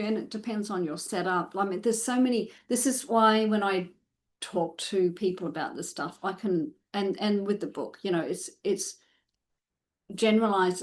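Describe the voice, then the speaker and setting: Woman giving step-by-step dog training advice. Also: medium pitch. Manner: step-by-step instructive, many restarts and fillers. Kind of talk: live Q&A advice.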